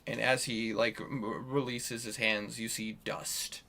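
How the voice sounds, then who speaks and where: Gravelly, bright-toned man narrating. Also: fairly low pitch, little pitch movement, slow pace, slight background noise. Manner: rambling, filler-heavy narration. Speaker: game master. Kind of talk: narrating a tabletop game.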